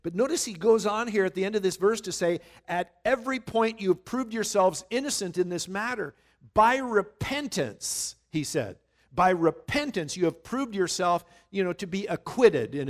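Man, pastor, sermon, slightly high voice, emphatic scripture reading, conversational asides. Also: expressive. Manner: reads scripture slowly and loudly, then talks it through conversationally.

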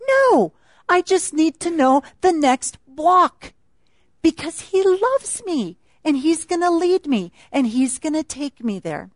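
A woman's voice: high-pitched, sing-song, slow, no room sound. A woman speaking at a retreat, teaching a Bible passage in a chatty, laughing sermon style.

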